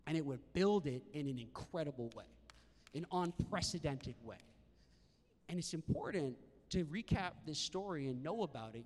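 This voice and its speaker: Animated preaching man, long hall reverb. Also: fairly high pitch. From Canada. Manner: animated preaching, acts out quoted voices. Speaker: pastor. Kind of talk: sermon. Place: church hall with live congregation.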